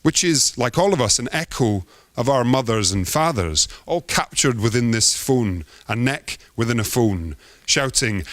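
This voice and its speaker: A man's voice: mid-range voice, expressive, unhurried, few pauses, a bit bright, dry recording. A man giving a theatrical, poetic performance talk as an artist on stage.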